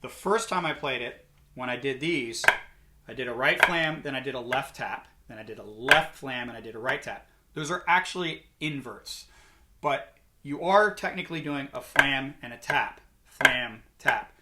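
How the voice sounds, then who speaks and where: In this very noisy clip, a male drum teacher speaks at normal speed in a medium pitch. Over loud drumming, he shouts rudiment names and counts along while playing, explaining the rudiments as part of an instructional lesson.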